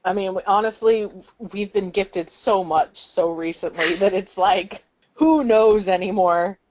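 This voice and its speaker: A woman's voice: medium pitch, a little slow, darkish tone. A woman co-hosting a fan podcast in casual chat, rambling and acting out quotes. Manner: rambling, acts out quotes with a laugh. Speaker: podcast co-host.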